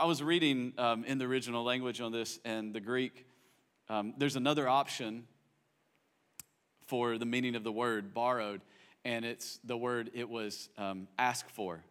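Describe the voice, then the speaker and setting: A man preaching as a pastor, animated and acting out the people in the story, sometimes dropping to a soft, reflective tone. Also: mid-range voice, normal speed, clear, resonant tone. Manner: drops to soft, quiet tones when reflective. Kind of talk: sermon.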